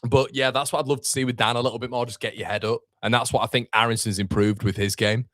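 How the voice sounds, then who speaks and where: A young man hosting a live football watchalong, excitable and sweary, chatting to his viewers. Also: mid-range voice, quick pace, no echo, studio quality. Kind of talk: live match reaction.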